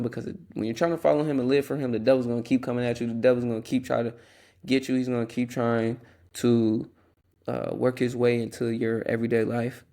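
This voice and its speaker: A man's voice: medium pitch, darkish tone. A young man hosting a Christian podcast, talking earnestly in a rambling, casual way with restarts and asides. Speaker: podcast host.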